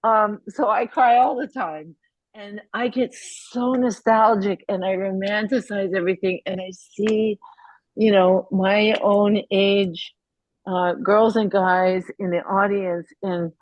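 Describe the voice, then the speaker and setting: A woman's voice: mid-range voice, fairly even intonation, slow, no room sound, low-quality recording. A woman in her fifties, a guest musician in a casual interview, telling candid, profane stories with plenty of feeling. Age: 50s. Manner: profane, candid, emotional storytelling.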